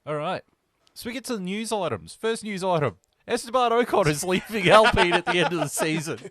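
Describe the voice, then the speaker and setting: Brash man, lively voice. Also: high voice, brisk, no echo, studio quality. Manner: brash, swearing, laughs a lot. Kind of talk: casual sports chat.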